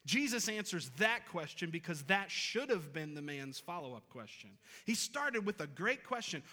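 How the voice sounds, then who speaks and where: A pastor in his thirties delivers a sermon, earnest and emphatic, driving points home by repeating phrases. His voice sits somewhat high and rings bright and forceful. The sound carries the long reverb of a church sanctuary from a stage mic. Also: sing-song, normal speed, few pauses. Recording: reverberant hall.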